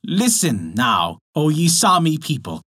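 A man's voice: a little high, big pitch swings, unhurried, a bit bright, heavily acted. A man doing a declaiming wizard bard. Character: red-haired male wizard bard, proud storyteller. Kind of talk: storybook narration.

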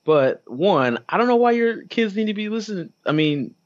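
A man co-hosting a podcast in loose, joking banter, his pitch swinging widely as he riffs and mimics other voices. The sound is a bit dull and lo-fi. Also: big pitch swings, normal speed. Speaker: podcast co-host.

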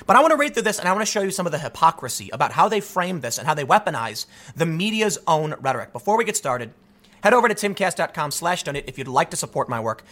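A man delivering solo political commentary, talking in rapid bursts with frequent restarts. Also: on the high side. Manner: animated, rapid-fire talk with frequent restarts.

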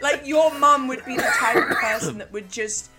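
A woman's voice: high voice, moderate pace, over loud music. A woman co-hosting a podcast in casual chat, blunt, sweary and laughing a lot. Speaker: podcast co-host.

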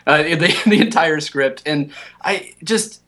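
A man with a fairly high-pitched voice, chatting casually about a movie and laughing often. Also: takes it slowly, sharp tone.

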